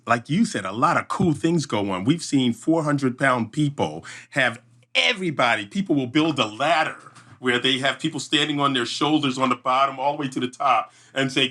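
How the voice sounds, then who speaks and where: A man with a bright, forward tone and a middle pitch recounts a story in conversation. He talks in an animated way, restarts his sentences often and hums sound effects along the way. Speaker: event emcee and podcast guest.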